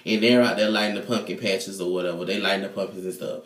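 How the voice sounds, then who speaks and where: A man casually recapping a TV episode in an animated, slangy, profane way. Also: low-pitched, fast talker. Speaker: TV show reviewer. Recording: echoey room.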